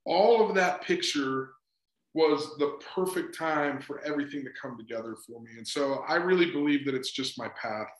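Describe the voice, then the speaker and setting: A man's voice: on the high side, normal speed. A middle-aged man, a sports psychology consultant, talking earnestly in a casual interview and often adding "right?". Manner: earnest, repeats "right?" and "just". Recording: roomy echo.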